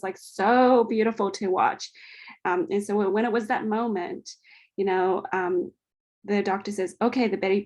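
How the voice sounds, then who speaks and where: A woman hosting a video call panel, chatty and effusive, telling stories with lots of fillers. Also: medium pitch. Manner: gushing, animated storytelling with many fillers. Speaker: panel host. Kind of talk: casual video call chat.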